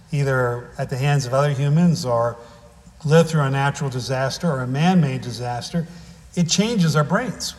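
A pastor preaches a sermon, reading scripture and then telling family stories conversationally with wry humor. His voice is a little high, and he speaks in a large hall.

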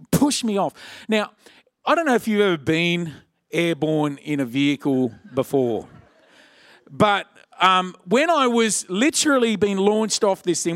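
A man preaching a sermon, telling a personal story in an animated way. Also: dry recording, clean studio sound. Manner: animated, acts out quotes with shouted high voices.

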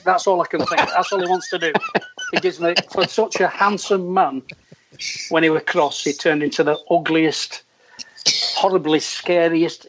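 Man, former caddie, lively earthy storyteller, higher voice, lo-fi recording. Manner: animated, earthy storyteller acting out quoted voices. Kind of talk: storytelling anecdote. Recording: dull lo-fi sound.

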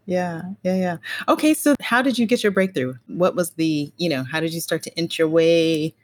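A woman with a somewhat low voice hosts an interview. She asks questions and keeps up short acknowledgements while her guest talks. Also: normal speed. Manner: attentive, with many brief backchannels. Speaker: podcast host.

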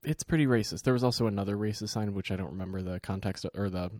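A man co-hosting a podcast in casual chat, joking wryly and clearing his throat, a little congested. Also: on the low side, fast talker, a little mellow, no room sound, clean studio sound. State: slightly congested. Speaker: podcast co-host.

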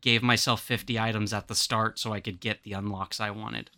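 A woman's voice: very deep voice, fairly even intonation, fairly quick, sharp tone, no echo. A woman guest-hosting a podcast in casual chat, playful and teasing. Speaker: guest host.

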